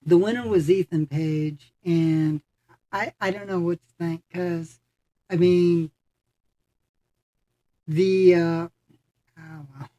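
Measured, hesitant casual talker. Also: medium pitch, fairly even intonation, mellow, dry recording, low-quality recording. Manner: measured, thoughtful opinions, hesitant starts. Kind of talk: casual chat watching wrestling.

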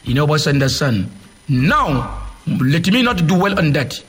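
A man's voice: a little high, sing-song, unhurried, a bit bright, husky. A man with a Nigerian accent giving an indignant political monologue, firing off repeated rhetorical questions and slipping into Nigerian Pidgin. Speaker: political commentator. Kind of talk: impassioned monologue.

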